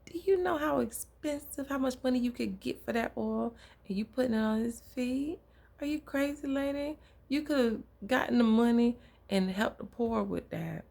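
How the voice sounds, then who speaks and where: A woman voicing an alarmed grown man who scolds someone for wasting expensive oil, incredulous and loud. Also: fairly high pitch, normal speed, gravelly, pitched above the performer's own voice.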